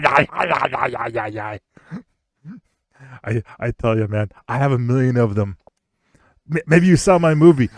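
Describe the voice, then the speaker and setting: A man's voice: mid-range voice, dry recording, clean studio sound. A man doing an impression of a bragging muscleman action-star governor with a put-on Austrian-German accent, on a gaming stream. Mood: boastful. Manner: boastful, heavy-accented, punchy phrasing.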